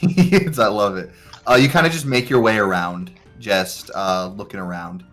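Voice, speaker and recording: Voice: low-pitched, normal speed, fairly bright tone, faint music behind. A game master narrating a tabletop game, rambling and laughing, with many restarts.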